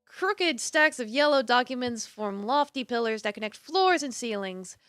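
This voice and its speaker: A woman streamer reading a visual novel aloud with expressive narration, broken up by casual asides and laughter. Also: fairly high pitch, moderate pace, dry recording, clean studio sound, faint music behind.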